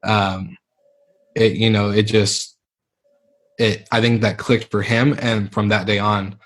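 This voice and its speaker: A man's voice: lowish voice, level tone, slow pace. A young man telling his life story as a podcast guest, laid-back and rambling, with lots of fillers. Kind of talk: candid storytelling interview.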